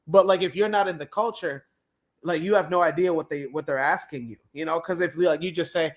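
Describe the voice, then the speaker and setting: A man hosting a livestream panel chat, animated and laughing often, acting out quoted lines. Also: fairly high pitch, brisk. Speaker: podcast host.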